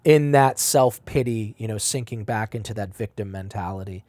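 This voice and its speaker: A man as a podcast guest, telling a personal story with blunt, profane language and big swings in loudness. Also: lowish voice, normal speed, no echo, studio quality. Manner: animated, swings between loud and quiet.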